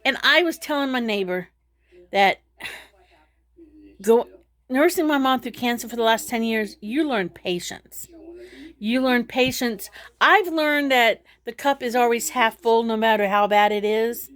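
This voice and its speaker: A woman's voice: a little high, unhurried, fairly bright tone. A middle-aged woman chatting casually to her vlog viewers, rambling and laughing through her frustration. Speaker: vlogger.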